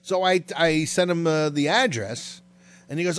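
A man's voice: fairly high pitch, smooth. A man co-hosting a casual podcast, rambling with lots of fillers and trailing off. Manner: rambling, filler-heavy, drawn-out. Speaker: podcast co-host.

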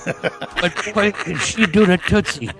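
A man's voice: high voice, gravelly, fairly bright tone, exaggerated voice. A man voicing a rambling, lecherous old man who drawls and wanders off topic. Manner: slow, wandering, leering.

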